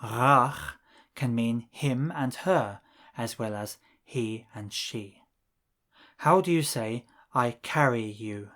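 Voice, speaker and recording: A man teaching a scripted language lesson, saying phrases slowly and deliberately and pausing so the listener can repeat them. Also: medium pitch, a bit bright. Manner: slow, deliberate drilling with pauses for repetition.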